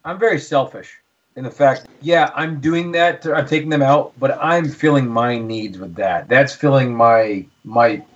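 A man's voice: medium pitch, unhurried. A man in his thirties, a podcast guest, telling hunting stories in an eager, rambling way, often repeating words as he thinks. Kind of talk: casual storytelling. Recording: slightly dull lo-fi audio.

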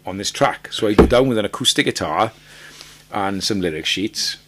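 A Welsh singer, a man, chatting as a podcast guest and telling animated stories, often repeating words as he starts a sentence. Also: on the low side, normal speed, heavy background noise. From Wales. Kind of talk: casual chat.

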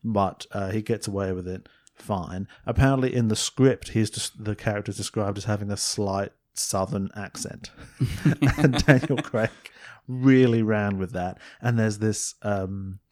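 A man's voice: fairly low pitch, measured pace, hardly any pauses, a little mellow. A man co-hosting a film podcast, chatting casually with jokes and frequent restarts. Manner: joking, rambling, with restarts. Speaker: podcast co-host.

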